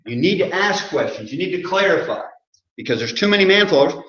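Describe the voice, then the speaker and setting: A man's voice: high-pitched, expressive, quick pace, noisy background. A man preaching an interactive sermon from a church pulpit, asking the congregation questions and joking along the way. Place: church sanctuary. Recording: roomy muffled church recording.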